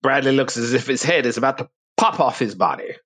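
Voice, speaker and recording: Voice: mid-range voice, animated, fairly quick, fairly bright tone, husky. A game master wryly narrating the action of a tabletop role-play.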